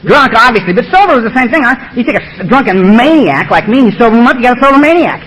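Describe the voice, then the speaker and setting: Fast-talking, high-voiced man sharing bluntly. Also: sing-song, a bit bright, rough recording. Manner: blunt, emphatic, profane, humorous. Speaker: speaker sharing at a recovery meeting. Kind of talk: recovery meeting share. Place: meeting room.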